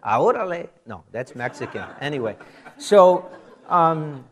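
A middle-aged man preaching a sermon in a loose, conversational way, wandering into personal stories and asides. His pitch swings widely, rising and dropping as he makes each point. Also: unhurried. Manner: animated storytelling with frequent asides. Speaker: pastor.

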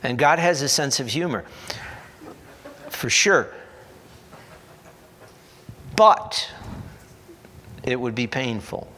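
A man preaching a sermon as pastor, earnest and deliberate, slipping in dry humorous asides. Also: medium pitch, lively intonation, pushed and bright, a little hiss or hum. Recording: long hall reverb.

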